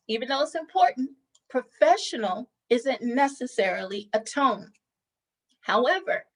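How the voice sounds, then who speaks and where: A woman presenting a customer service training lesson, explaining in a measured way and stressing key words. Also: high voice. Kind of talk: instructional presentation.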